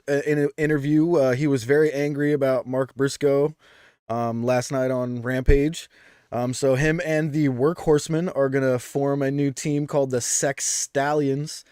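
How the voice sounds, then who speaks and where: Male co-host, relaxed chatty reviewer, dry mic, mid pitch. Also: measured pace, clean tone, no echo. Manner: chatty, with many "um"s and restarts. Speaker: podcast co-host. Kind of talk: casual chat.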